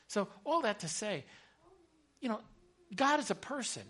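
Bright-voiced male chaplain preaching. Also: high-pitched, unhurried. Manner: earnest, repeats words, builds to bursts of excitement. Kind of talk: sermon storytelling.

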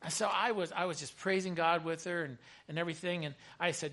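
A man, a chaplain, telling a story in a sermon, earnest and repeating words as he builds to bursts of excitement. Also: a little high, fast talker, few pauses. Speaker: chaplain preaching.

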